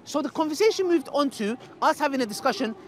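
Quick-talking man, high voice. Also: expressive. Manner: quick, halting, conciliatory. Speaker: host, debater. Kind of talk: casual talk to camera. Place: outdoor public park. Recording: crowd noise outdoors.

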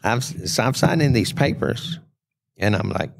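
A man's voice: medium pitch, animated, a little slow, gravelly, no echo. A man, a podcast guest telling a casual story and acting out the quotes in a raised voice. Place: trade show.

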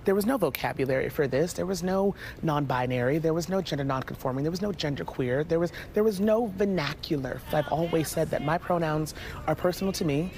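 A stage actor answering interview questions in a playful, expressive way. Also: medium pitch, a little fast, slight background noise.

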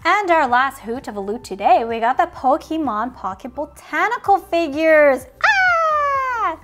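A woman's voice: high voice, lively intonation, normal speed, music in the background. A woman hosting a toy unboxing video, narrating in a silly, playful way and making sound effects.

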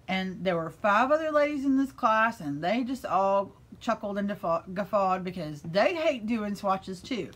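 A middle-aged American woman who owns a yarn shop, chatting casually and enthusiastically about knitting in her shop, gushing with breathy asides. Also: mid-range voice, expressive, normal speed, hardly any pauses. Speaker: yarn shop owner and vlogger.

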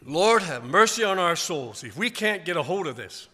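A man preaching a revival sermon in a church, swinging from quiet asides to loud, emphatic declarations. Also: high-pitched, sing-song, moderate pace. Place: church sanctuary. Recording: long church hall reverb.

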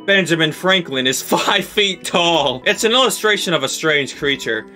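A man giving a comedic, animated reading of video game dialogue, often breaking into laughter as he reads. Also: on the high side, moderate pace, faint music behind.

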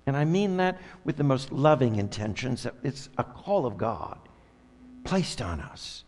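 A middle-aged man preaching a sermon as pastor, swinging between hushed and loud, impassioned delivery. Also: high voice. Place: church sanctuary. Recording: long hall reverb.

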